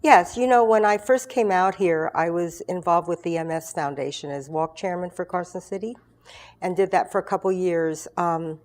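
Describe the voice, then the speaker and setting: A woman in her sixties, guest in an interview and founder of a group supporting soldiers, speaks at normal speed in a fairly low, darkish voice. Her telling is chatty and meandering, peppered with fillers and restarts.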